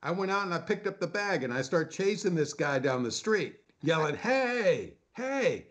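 An older man in casual chat, telling animated anecdotes and acting out the people in them. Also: a little high, a little fast. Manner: animated anecdote teller, acts out quoted voices. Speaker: panel guest.

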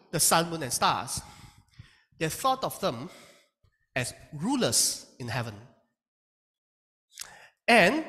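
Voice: mid-range voice, sharp tone, in a large hall. A Bible teacher giving a lecture, speaking emphatically and asking rhetorical questions, often with a tag question like "right?" at the end.

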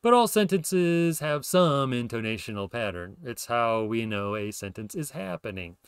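A man's voice: mid-range voice, sing-song, moderate pace, clear, resonant tone, no room sound, studio quality. A man hosting his own podcast, explaining ideas in a casual lecture, thinking aloud with fillers and self-corrections. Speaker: podcast host explaining linguistics.

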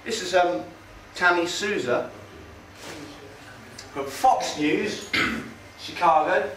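A man's voice: high voice, extremely slow, fairly bright tone. Sardonic man lecturing a hall. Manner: conversational, sardonic, hesitant with fillers. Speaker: speaker at a public talk. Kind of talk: casual lecture to an audience. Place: meeting hall. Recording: roomy hall, far from mic, faint noise.

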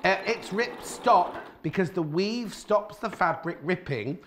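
A woman from Canada hosting a live shopping channel, reading out viewer messages and chiming in with quick comments. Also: on the low side, animated, slight background noise.

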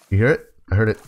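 A man's voice: fairly low pitch, darkish tone. A man casually commenting on his game as he plays, chatting to in-game animals and laughing often. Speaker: gaming host. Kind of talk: casual let's play commentary.

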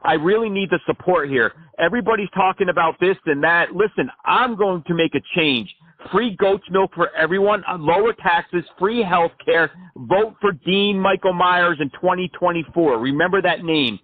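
A man doing a pompous small-time candidate who rambles through an absurd campaign pitch. His voice sits high and husky, squeezed through a thin, phone-like line with no room around it. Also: normal speed, hardly any pauses, no echo. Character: self-important male fringe politician, a smooth-talking blowhard. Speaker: prank caller.

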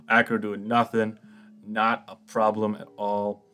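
A man's voice: on the low side, unhurried, a bit bright, faint music behind. A young man giving casual, cocky commentary on his online game, teasing his opponent and laughing often. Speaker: gaming YouTuber.

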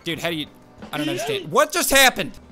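A young man commenting on his own gameplay, animated and quick to exclaim and laugh. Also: very high-pitched, music in the background. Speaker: gaming YouTuber.

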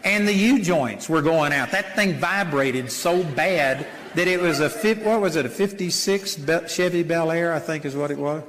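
An older man preaching a sermon, folksy and animated, telling stories and acting out voices. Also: a little high, a little hiss or hum. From Texas. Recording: long hall reverb.

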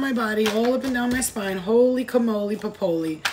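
A woman giving a casual tarot reading to camera, excitable and exclamatory, swearing freely. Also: on the high side, brisk, few pauses. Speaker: tarot reader. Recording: noisy recording with clicks.

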